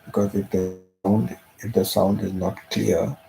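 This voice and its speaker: A man hosting a live stream from home, talking softly and emotionally, often repeating his words. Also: lowish voice, level tone, measured pace, gravelly, faint music behind, low-quality recording. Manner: soft-spoken, repeats himself, emotional. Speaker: channel host.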